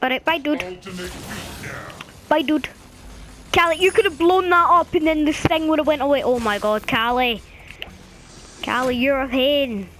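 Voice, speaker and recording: High-voiced woman chatting over gameplay. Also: moderate pace, pauses often, fairly bright tone, a little hiss or hum. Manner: chatty, chants repeated commands at the game. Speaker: gaming channel host. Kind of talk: casual gameplay commentary. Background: game music.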